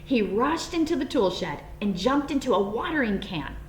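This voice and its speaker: Expressive woman reading a storybook. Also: fairly high pitch, moderate pace, slight background noise. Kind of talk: reading a children's storybook aloud. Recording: roomy echo, faint background.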